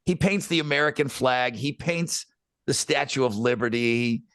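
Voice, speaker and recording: A man's voice: medium pitch, moderate pace, fairly bright tone, clean tone, no echo, clean studio sound. A middle-aged man hosting a podcast, telling a rambling anecdote with lots of fillers. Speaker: podcast host. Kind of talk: casual storytelling chat.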